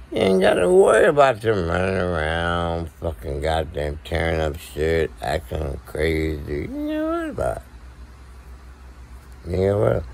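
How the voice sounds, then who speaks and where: A man's voice: sits low, gravelly. A man, co-hosting a podcast in a casual, blunt, profane monologue to viewers. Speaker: podcast co-host.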